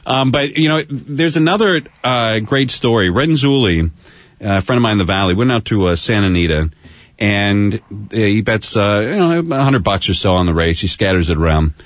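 Animated radio host telling stories. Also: male voice, lowish voice, normal speed, no echo. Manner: animated storyteller, acts out quoted voices. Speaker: radio talk show host. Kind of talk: casual storytelling chat. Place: radio studio. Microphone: studio mic.

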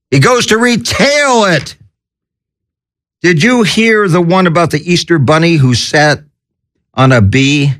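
A man with a high, wildly swooping voice hosts a comedy radio show. He works through wacky shout-outs and corny one-liners at an unhurried pace, breaking into manic yells. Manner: manic, wacky, cracking corny jokes and yelling. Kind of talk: zany comedy radio patter.

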